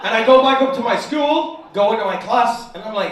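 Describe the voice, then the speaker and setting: A man's voice: high-pitched, expressive, a little fast, fairly bright tone. A British man in his twenties doing a profane, brash stand-up set, acting out the dialogue in his stories. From United Kingdom. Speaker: stand-up comedian. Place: comedy bar showcase, indoors. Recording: distant mic, heavy room echo, audience laughter.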